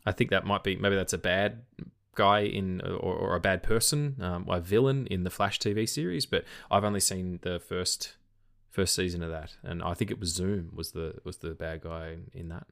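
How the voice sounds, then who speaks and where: A tired Australian man co-hosts a film podcast, chatting casually and rambling, often restarting sentences and swearing. His low voice is creaky yet fairly bright, at a normal speed.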